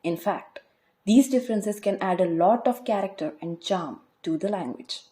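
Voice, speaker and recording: Female podcast host, relaxed warm timbre, clear teacherly delivery. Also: mid-range voice, normal speed. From India. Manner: clear, explanatory, spells words letter by letter. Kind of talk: scripted educational podcast.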